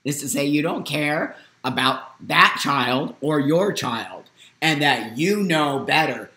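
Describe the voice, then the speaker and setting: A man in his fifties hosting a live stream, talking in an emotional, emphatic way, at times near tears, swinging from loud to hushed. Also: a little high, big pitch swings, moderate pace, echoey room. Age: 50s. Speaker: host.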